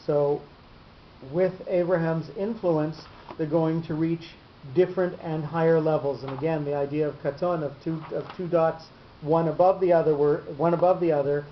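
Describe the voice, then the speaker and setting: A man teaching a class on Torah reading marks. He talks haltingly, with many fillers and repeated words. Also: on the high side, fairly even intonation. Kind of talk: explaining cantillation marks in a class. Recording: dull echoey room recording with hiss.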